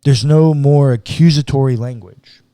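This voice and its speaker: A man's voice: mid-range voice, moderate pace, warm tone, dry recording. A man who is a pastor, talking through scripture on a podcast in a casual, earnest way, now and then voicing what God might say. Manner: casual and earnest, slips into acted quotes of God. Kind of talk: podcast conversation, teaching on scripture.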